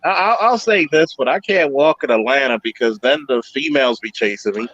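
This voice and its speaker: A man from Baltimore telling profane, animated stories in a casual group chat. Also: medium pitch, fairly quick, no room sound, muffled recording.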